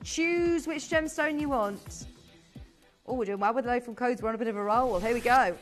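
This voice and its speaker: A young British woman presenting a live TV shopping show, gushing and chatty with quick asides. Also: a little high, faint music behind.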